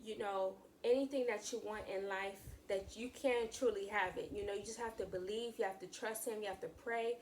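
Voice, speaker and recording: A woman's voice: mid-range voice, fairly even intonation, brisk, hardly any pauses, slight background noise. A woman hosting her own channel, talking casually about her faith, chatty and repetitive, often saying "y'all" to viewers. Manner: chatty, repeats and restarts phrases, addresses viewers as y'all. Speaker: channel host sharing faith views. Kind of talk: casual talk to camera.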